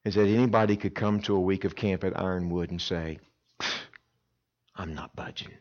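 A man preaching a sermon at a camp, telling stories with dramatic swings between loud emphasis and hushed pleas. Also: deep voice, steady tone, fast. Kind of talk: sermon with storytelling. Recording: dull lo-fi sound.

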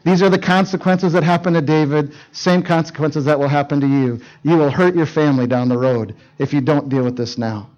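A man's voice: a little high, steady tone, brisk, hardly any pauses, a little mellow, muffled recording. A middle-aged male pastor preaching to teenagers, telling a story and acting out the dialogue with urgency. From Canada. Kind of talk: sermon to teenagers.

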